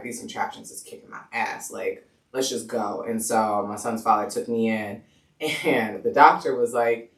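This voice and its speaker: A young woman as a podcast guest, telling her story in casual chat, animated, acting out quoted voices and laughing often. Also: very deep voice. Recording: echoey room, distant mic.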